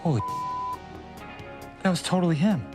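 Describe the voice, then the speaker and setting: Male actor as eager corporate archivist, low and animated. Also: moderate pace, loud music behind the voice, lightly acted. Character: earnest, eager corporate archivist, adult man. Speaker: company archivist. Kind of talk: comedic ad acting.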